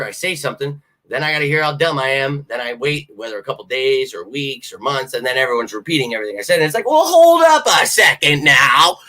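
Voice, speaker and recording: A young adult man hosting a live sports fan show, ranting in a profane, animated, casual way to his viewers. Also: fairly high pitch. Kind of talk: fired-up livestream fan talk.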